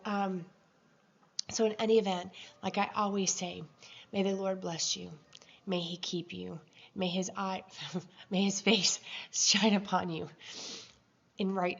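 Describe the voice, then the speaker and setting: A woman recording a personal video journal, telling a story in an emotional, halting way with many pauses. Her voice has a gravelly, creaky edge. The sound is slightly dull and lo-fi. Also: lowish voice. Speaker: vlogger.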